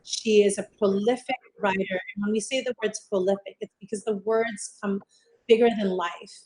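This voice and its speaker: A woman's voice: medium pitch, steady tone, normal speed, warm tone, low-quality recording. A woman hosting a casual interview over a video call, chatty and upbeat, talking her plans aloud and repeating herself as she goes. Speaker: host.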